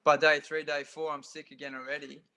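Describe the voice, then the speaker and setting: A young Australian man who fights Muay Thai tells stories in a casual podcast interview, sprinkling in lots of fillers. His voice is fairly high, brisk, clear and resonant. He narrates with animation and frequent filler words.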